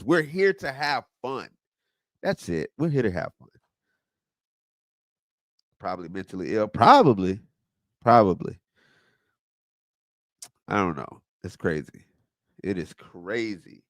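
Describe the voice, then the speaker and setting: A man's voice: mid-range voice, a little slow, pauses often, dry recording, clean studio sound. A man from Southwest Florida chatting casually on a livestream, telling stories and answering viewers' comments. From Southwest Florida, USA. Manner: animated storyteller, reacts to chat. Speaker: live streamer answering chat.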